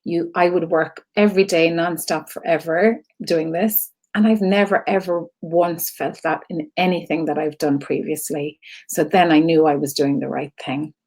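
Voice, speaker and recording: An Irish woman talking live to her online community, earnest and a little teary. Her voice sits on the low side for a woman, and she rambles warmly through fillers and quick laughs. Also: steady tone. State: emotional, close to tears. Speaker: host of an online creative community. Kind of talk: casual live-stream talk to viewers.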